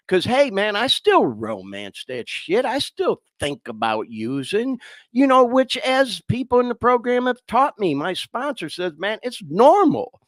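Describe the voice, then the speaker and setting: A man's voice: high voice, huge pitch swings, a little slow, no echo. Choked-up man hosting. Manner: choked up, swearing, addresses listeners as y'all. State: fighting back tears. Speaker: podcast host. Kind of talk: emotional live podcast talk.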